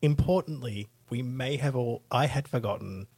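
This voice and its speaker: A man's voice: medium pitch, moderate pace, a little mellow, slightly rough, no echo. A man co-hosting a casual comedic book talk, reading excerpts aloud with laughing asides. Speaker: podcast co-host.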